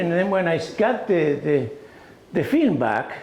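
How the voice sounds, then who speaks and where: A man's voice: a little high, unhurried. Older Argentine-born man in an echoey room. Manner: non-native grammar, animated anecdotes, frequent "you know". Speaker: exhibiting photographer. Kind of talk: storytelling artist talk. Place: small arts gallery event. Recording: echoey room, faint background noise.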